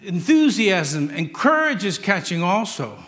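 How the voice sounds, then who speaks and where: A man's voice: high voice, very animated, measured pace, a bit bright. A man preaching a sermon, emphatic and joking, acting out the stories he tells.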